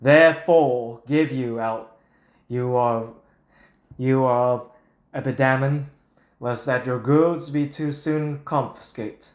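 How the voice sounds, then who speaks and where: A stagey Shakespearean speaker in a put-on British accent, as a man recites the lines, declaiming slowly and deliberately in a mid-pitched voice. The sound bounces around a roomy space, with a clear echo on every phrase. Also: close to an everyday voice. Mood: theatrical.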